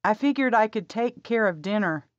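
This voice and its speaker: A woman's voice: mid-range voice, animated, normal speed, no room sound, pitched above the performer's own voice, close to an everyday voice. A woman voicing an anxious, insecure young heroine, raising her voice in a pleading, emotional way. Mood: light. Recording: dry, slightly dull audio.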